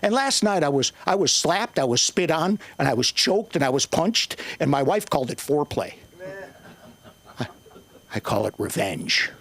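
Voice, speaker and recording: An older man doing profane, rambling stand-up comedy at an open mic, with sudden shouted bursts. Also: a little high, sing-song, normal speed. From Northern Ireland.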